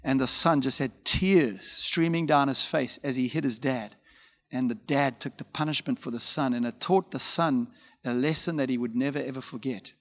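A man's voice: medium pitch, moderate pace, a bit bright. A man preaching a conversational sermon as a pastor, telling stories informally with frequent fillers and asides. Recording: long hall reverb.

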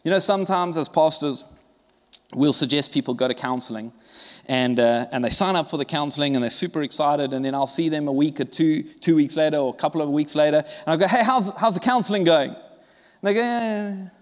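High-voiced preaching man in a hall. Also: brisk. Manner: emphatic, conversational preaching with acted-out dialogue. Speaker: pastor. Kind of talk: sermon.

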